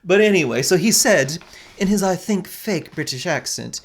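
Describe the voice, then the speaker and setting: A lecturer talks through a logic lesson with a lively pitch that climbs and drops often. The delivery is conversational and explanatory, full of asides and repeated checks with the class. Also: moderate pace. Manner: animated, explanatory, asks "right?" often. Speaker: philosophy lecturer. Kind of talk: recorded lecture.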